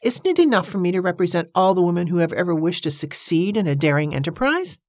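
A woman's voice: fairly low pitch, very animated, fast, a little mellow, dry recording, clean studio sound, voice pushed up. A woman reading as a poised, wry daredevil woman. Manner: light, wry. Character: poised, lightly amused daring woman. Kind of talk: audiobook character reading.

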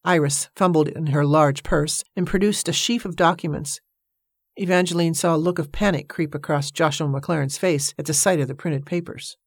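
Woman, audiobook narrator, low voice, measured storytelling, dry close recording. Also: fairly even intonation, slightly rough, no echo. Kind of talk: scripted narration.

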